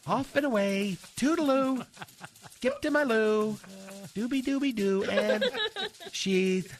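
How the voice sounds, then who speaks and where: Radio sketch: a man putting on a flamboyant, gossipy gay man, high and swooping, drawn out, over noisy hiss. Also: sing-song, measured pace, sharp tone, heavily acted. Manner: fussy, theatrical, talks to unseen people. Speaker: comedy sketch character on a radio show.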